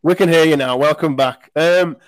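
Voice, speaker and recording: A man's voice: on the high side, moderate pace. A man in his thirties hosting a podcast, telling rambling emotional stories in casual chat and swearing freely.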